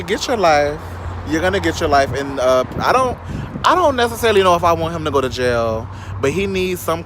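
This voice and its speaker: Man from Chicago, slightly high voice, sassy gossip vlogger, outdoors with faint street noise. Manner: sassy, shady, keeps calling the viewer "child". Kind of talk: casual gossip commentary. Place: outdoors in sunlight.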